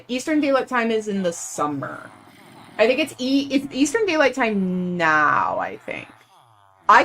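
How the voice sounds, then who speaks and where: A woman's voice: a little high, fairly bright tone. A young woman from the United States chatting casually and playfully on a live game stream, full of "like" fillers.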